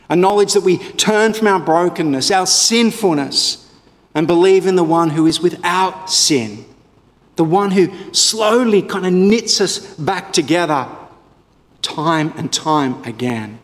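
A man's voice: fairly high pitch, in a large hall. A male pastor preaching a sermon in a conversational way, with wry asides to his congregation.

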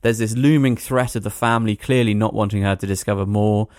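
A man hosting a podcast, reviewing a film in a rambling, animated way with plenty of hedging fillers. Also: fairly low pitch, fairly quick, no echo, studio quality. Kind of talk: casual podcast chat.

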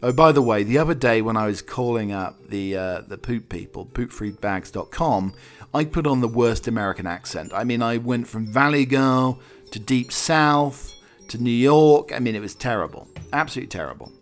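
A man's voice: mid-range voice, lively intonation, normal speed, soft background music. A man hosting a chatty talk show, reading odd news stories with rambling asides and chuckles. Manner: rambling asides, chuckling, filler-heavy tangents. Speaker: radio show host. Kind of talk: chatty news-story banter.

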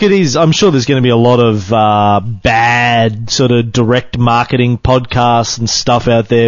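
A man's voice: mid-range voice, no room sound. An Australian man co-hosting a podcast, chatting casually with irreverent jokes. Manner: irreverent joking. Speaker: podcast co-host. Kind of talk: casual chat. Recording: dull dry lo-fi podcast audio.

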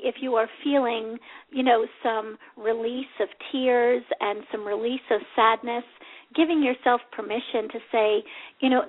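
Gentle woman on a tinny phone line. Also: on the high side. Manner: gentle, unhurried, with many pauses. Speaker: spiritual radio show host. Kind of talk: reflective spiritual talk. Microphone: phone call.

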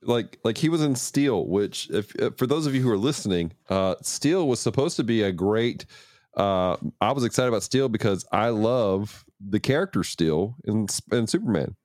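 Low-voiced man rambling about a movie. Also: animated, moderate pace, a little mellow, no echo, studio quality. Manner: rambling with many fillers, mocking. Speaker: podcast co-host. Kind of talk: casual movie review chat.

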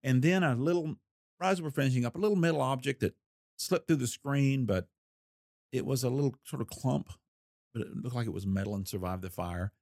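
An older man and former investigator telling a case story in a folksy, unhurried way with a wry edge. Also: medium pitch, a little mellow, no room sound, clean studio sound. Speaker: retired federal investigator recounting a case. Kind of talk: storytelling interview.

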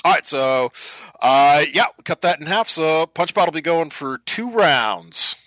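A man's voice: a little high, lively intonation, a little slow, fairly bright tone, dry recording. A man running a tabletop game as game master, narrating and laughing, with casual swearing.

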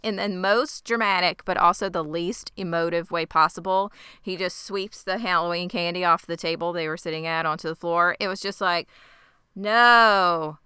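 Woman co-host, low-ish, crisp bright voice, dry close sound, wry recap. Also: steady tone, moderate pace, no echo. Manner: wry, playfully reenacts lines. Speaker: podcast co-host. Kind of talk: casual TV recap chat.

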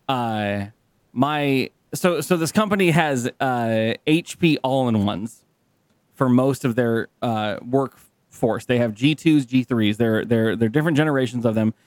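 A young man co-hosting a podcast, talking in a loose, rambling way with plenty of swearing. His voice sits at a middle pitch and sounds dry and close, with no room around it. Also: no room sound. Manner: rambling storyteller who swears freely. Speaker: podcast co-host. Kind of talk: casual chat.

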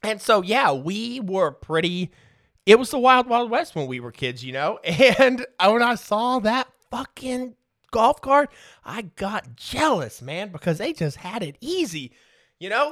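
This podcast host, a man in his thirties, tells casual stories full of free swearing and laughter. He speaks in a high-pitched, fairly bright tone. The recording is dry and studio quality.

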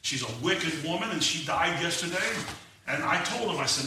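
A middle-aged man preaching a sermon, emphatic and animated, with folksy asides and chuckles. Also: on the high side, fairly quick, a little hiss or hum. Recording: echoey room, mic far off.

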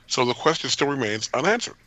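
A man co-hosting a podcast, talking in animated, opinionated casual chat. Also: mid-range voice, fast talker, highs cut off, slight background noise. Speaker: podcast co-host.

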